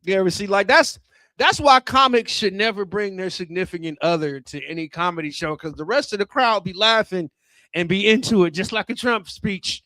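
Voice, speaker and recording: A man in his thirties doing a loose, profane and rambling stand-up comedy set on a club stage, talking into a handheld mic, with sudden loud outbursts. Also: high-pitched, moderate pace, dry recording. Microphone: handheld microphone.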